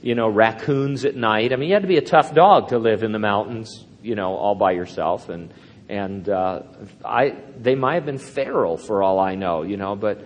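A man's voice: lowish voice, moderate pace. An older man, a pastor, preaching a sermon in a rambling, anecdotal way with self-deprecating humor. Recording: long hall reverb.

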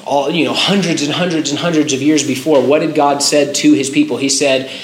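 A man's voice: fairly high pitch, steady tone, brisk, slight background noise. Man preaching in an echoey room. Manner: conversational preaching with filler words and restarts. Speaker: pastor. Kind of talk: sermon.

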